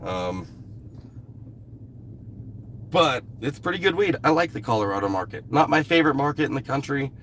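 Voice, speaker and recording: A man's voice: medium pitch, lively intonation, normal speed, long pauses, a bit bright, slight background noise. A man chatting casually on a live stream, blunt and swearing freely, fighting a cold. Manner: blunt, heavy swearing, irritated with a commenter. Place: outdoors at a rural camp.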